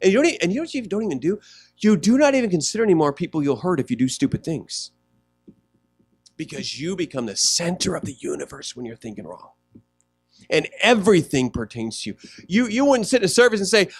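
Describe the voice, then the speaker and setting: High-voiced animated preacher, dry close sound. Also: male voice, a little fast, breathy edge, no echo. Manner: animated preaching, swings from loud mocking quotes to low hushed asides. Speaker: pastor. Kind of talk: sermon.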